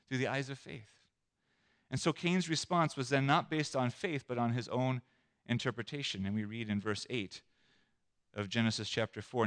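A man preaching a sermon as a pastor, animated, acting out scenes and asking the listeners questions. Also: medium pitch. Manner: animated, acts out scenes, asks the audience questions.

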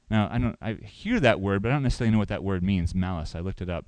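A man's voice: deep voice, rapid-fire, few pauses, a little mellow, dry recording, rough recording. Guy pastor preaching, asks the room questions, pushes up for emphasis, dry close sound. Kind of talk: sermon.

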